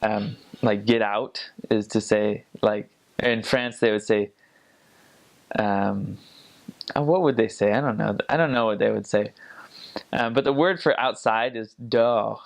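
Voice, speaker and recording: A man's voice: fairly low pitch, a little slow, creaky. A young man who served as a missionary tells stories in a casual, rambling way, full of fillers and restarts. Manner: rambling, many fillers and restarts, imitates accents. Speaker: returned missionary. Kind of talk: casual storytelling.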